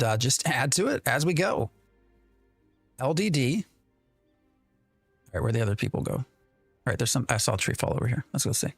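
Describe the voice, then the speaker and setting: A man talks through a live game stream in an exasperated, rambling way and often turns to answer his chat. His voice sits at an ordinary pitch, recorded dry and close. Faint music plays underneath. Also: breathy edge, no echo. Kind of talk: live gameplay commentary.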